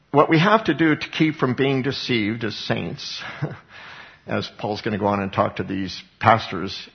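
A man's voice: mid-range voice, gravelly. A man preaching in an earnest, chatty Bible-teaching style, often restarting his sentences. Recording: dull lo-fi sound.

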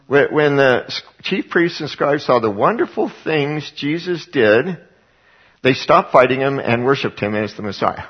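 A man's voice: mid-range voice, expressive, unhurried, breathy edge. A man preaching a Bible study, reading scripture and acting out the voices of people in the stories. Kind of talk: Bible teaching. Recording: dull lo-fi recording.

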